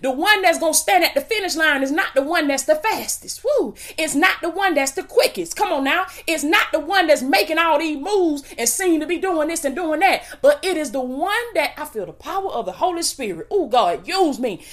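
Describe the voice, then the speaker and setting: A woman's voice: high-pitched, expressive, normal speed, hardly any pauses, fairly bright tone. A woman preaching an impassioned video sermon in a folksy, rhythmic way, calling out "come on now" and "baby" and whooping between phrases.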